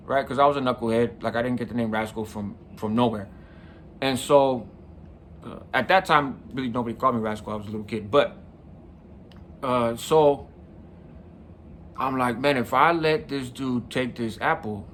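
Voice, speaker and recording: A middle-aged man from California recounts his own story in a relaxed, conversational way, often checking in with his listener as he goes. His voice sits at an ordinary mid pitch, with a faint hum of ambience behind it. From San Mateo County, California. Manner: casual, conversational, often adds "right?". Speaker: podcast host. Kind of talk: personal storytelling.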